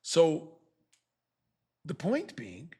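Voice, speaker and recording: A rabbi tells a parable during a sermon, voicing each character with animated flair. His voice is fairly high and he draws out his words, with a faint hiss or hum in the background.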